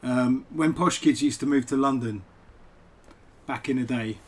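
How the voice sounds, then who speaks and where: A man's voice: medium pitch, measured pace, slightly rough. Chatty man rambling on a live stream. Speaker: poet and game streamer. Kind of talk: casual live-stream chat over gameplay.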